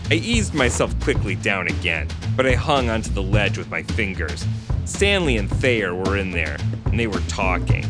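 A man's voice: fairly low pitch, moderate pace, loud music behind the voice. A man co-hosting a podcast who reads a story aloud and chats casually, laughing often. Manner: animated, laughs often while reading. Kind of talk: casual chat and story reading.

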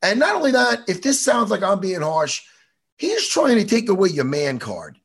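High gravelly dude ranting and cussing, husky voice, all over the place. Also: male voice, moderate pace. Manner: animated, swears a lot, rambling. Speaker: podcast host. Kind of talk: casual profane chat.

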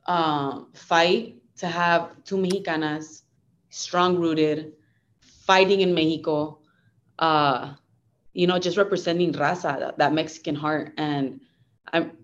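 Low-voiced young woman, earnest and upbeat. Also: fairly even intonation, slow pace, lo-fi sound. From United States. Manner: earnest, upbeat, code-switches Spanglish. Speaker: guest fighter. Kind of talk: casual interview chat.

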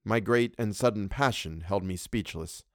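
A man's voice: fairly low pitch, normal speed, no echo, studio quality. Man narrating a classic story. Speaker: podcast narrator.

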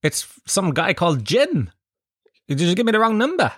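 A man's voice: high voice, big pitch swings, moderate pace, a bit bright, slightly rough, no echo, studio quality, pitched above the performer's own voice, full character voice. A man voicing a pushy young male Australian charity fundraiser, chirpy and overfamiliar. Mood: pestering.

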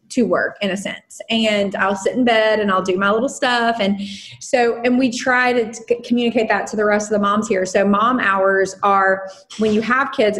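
A woman's voice: medium pitch, fairly bright tone. A woman in her thirties who runs a design business, talking casually in an interview with many fillers and restarts. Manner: rambling, frequent fillers and restarts. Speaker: design firm owner.

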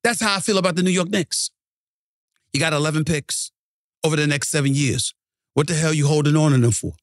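A middle-aged man hosting a sports commentary show, ranting heatedly and swinging from low grumbling to high shouting. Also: fairly quick, no room sound, clean studio sound. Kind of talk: animated sports rant.

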